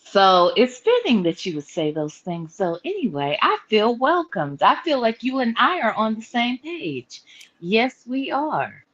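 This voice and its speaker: A woman co-hosting a casual livestream, talking in a sassy, drawn-out way. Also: a little high, very animated, fairly bright tone. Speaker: co-host. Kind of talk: casual live chat. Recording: dull, lo-fi audio.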